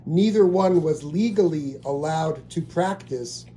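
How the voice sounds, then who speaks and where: A man's voice: on the high side, measured pace, mellow, slight background noise. A middle-aged man in casual family conversation, asking about a relative and rambling through restarts and fillers.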